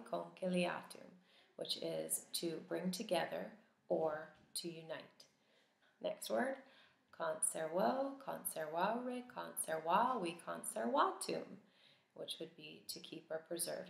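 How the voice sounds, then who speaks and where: A woman teaching a Latin vocabulary lesson, patiently sounding out each word form and pausing for the listener to repeat. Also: on the low side, creaky. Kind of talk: recorded vocabulary lesson with drills. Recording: echoey room.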